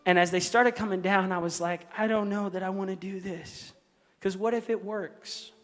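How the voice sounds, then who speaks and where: High-voiced pastor in an echoey hall. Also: male voice, steady tone, moderate pace, a bit bright. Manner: earnest, raw and confessional. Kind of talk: emotional sermon storytelling. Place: church auditorium stage. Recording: echoey hall with music underneath.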